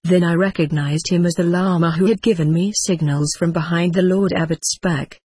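An audiobook reader narrates a first-person story in a measured, even delivery. The mid-range voice is husky and slightly breathy, and the recording is dry and close, with no room sound.

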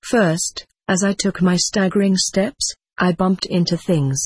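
An audiobook reader giving steady, measured first-person narration of a scripted story. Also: mid-range voice, slightly rough, no echo, clean studio sound.

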